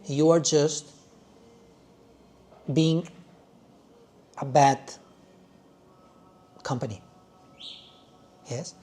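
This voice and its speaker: A male yoga teacher leading a class in an animated way, with halting phrasing and frequent "yes?" check-ins. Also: on the high side. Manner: loose, halting phrasing with restarts.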